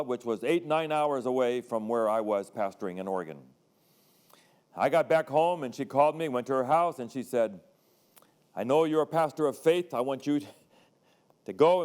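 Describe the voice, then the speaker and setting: A man's voice: medium pitch, a little mellow. An older man, a retired pastor, preaching a sermon in a conversational way, telling personal stories and acting out the voices of people in them.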